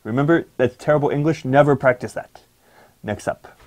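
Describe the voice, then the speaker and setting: A man teaching an English pronunciation lesson for exam students, giving instructions and emphatic reminders. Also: medium pitch. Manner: slow deliberate dictation of example sentences.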